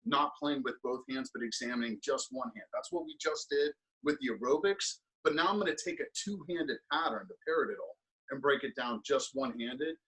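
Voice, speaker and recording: A man teaching percussion in an instructional clinic, counting beats aloud and explaining practice habits in a relaxed, thinking-aloud way full of fillers. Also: mid-range voice, a little fast, low-quality recording. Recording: steady ticking and tapping noise under the voice.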